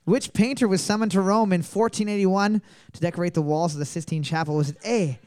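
A man's voice: high voice, fairly quick, darkish tone, clean tone, no room sound. A man hosting a trivia podcast, reading each question twice and joking between them. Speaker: trivia host. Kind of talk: casual podcast banter.

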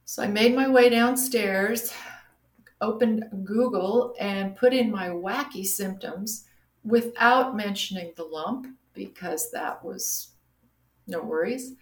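Middle-aged woman, guest storyteller, animated delivery, echoey room, mid-pitched voice. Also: slow pace. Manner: animated, acts out quoted voices. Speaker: guest sharing her story. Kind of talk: casual personal storytelling. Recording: roomy echo.

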